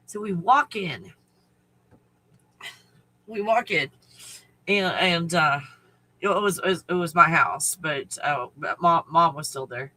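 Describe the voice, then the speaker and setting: Guy on a livestream chatting w viewers, high bright voice, laughs a lot, swears freely. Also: slow pace, pauses often, rough recording. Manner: rambling storyteller, laughs often, swears freely; greets viewers by name. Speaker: live-stream host. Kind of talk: casual live-stream chat.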